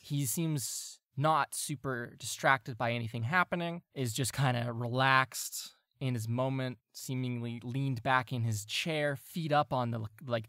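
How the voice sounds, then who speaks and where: A man runs a tabletop game in a loose, chatty way, his voice bright and forward. The sound is close and dry, with no room echo. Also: mid-range voice. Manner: loose and chatty, full of fillers. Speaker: game master.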